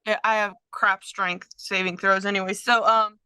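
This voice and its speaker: A woman's voice: medium pitch, little pitch movement, normal speed, bright, forceful tone, clear, resonant tone, no room sound. A woman player in a tabletop game, chatting casually and giggling often.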